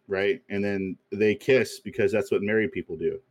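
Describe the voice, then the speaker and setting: A man's voice: on the low side, steady tone, a little slow. Rambling, laughing podcast host man. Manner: rambling, many fillers and self-amused laughs. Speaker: podcast host pitching a movie idea. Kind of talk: casual chat.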